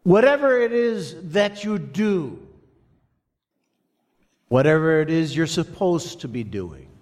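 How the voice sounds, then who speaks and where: Slow preaching man in a reverberant church. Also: on the high side, expressive, darkish tone. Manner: slow, emphatic preaching with dramatic pauses. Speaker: pastor. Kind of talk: sermon. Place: church sanctuary. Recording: long reverb of a church hall.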